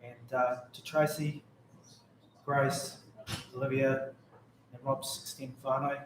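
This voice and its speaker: A man's voice: medium pitch, flat delivery, takes it slowly, noisy background. A man with a New Zealand accent gives a memorial speech full of rambling, jokey anecdotes about a friend. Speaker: mourner giving a tribute. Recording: very echoey room.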